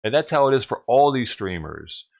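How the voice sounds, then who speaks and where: A man's voice: medium pitch, very animated, normal speed, creaky, darkish tone. A man doing a sarcastic, profane rant as a livestreamer, mocking and riled up. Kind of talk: ranting livestream commentary.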